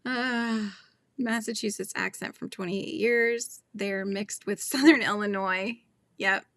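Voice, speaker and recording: A woman's voice: mid-range voice, steady tone, slow pace, a bit bright, dry recording. A middle-aged woman hosting a casual livestream chat, laughing often and reading out viewers' comments. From Northern California. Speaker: host.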